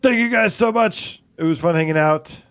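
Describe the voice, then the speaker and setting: A man's voice: sits high, moderate pace, fairly bright tone. A man co-hosting a live gaming stream, reading viewer names in a playful, laughing, sing-song way. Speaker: podcast co-host. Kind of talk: reading chat shout-outs.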